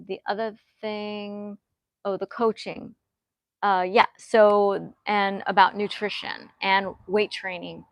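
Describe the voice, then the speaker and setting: A woman's voice: mid-range voice, no echo. Earnest woman hosting a live Q&A. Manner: warm, earnest, often pausing with fillers. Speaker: host answering viewer questions. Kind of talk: live-stream Q&A.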